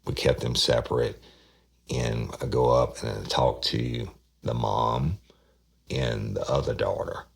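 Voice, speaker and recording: A man's voice: rumbling low, steady tone, unhurried, vocal fry, breathy edge. A man, telling a true-crime story on a podcast in a rambling way, often repeating words and acting out what people said. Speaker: podcast host recounting a case.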